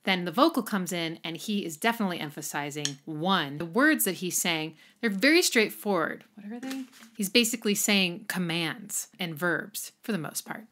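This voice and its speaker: A woman explaining music theory in a lively way, counting beats aloud and now and then singing short snippets. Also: fairly low pitch, moderate pace. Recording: music playing behind the voice.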